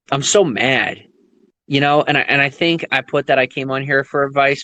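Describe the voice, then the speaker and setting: A young man ranting to viewers, angry and profane, swinging from low muttering to loud, high outbursts, rambling with restarts. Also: no room sound. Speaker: vlogger. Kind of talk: emotional unscripted rant to viewers.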